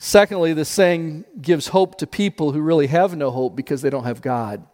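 A pastor preaching a sermon, telling a parable in an animated way and often repeating his words. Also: fairly high pitch, normal speed, long reverb tail.

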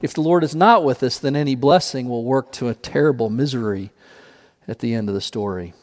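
A man preaching a sermon as pastor, emphatic, repeating key phrases and slowing down to stress them. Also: medium pitch, darkish tone, long reverb tail.

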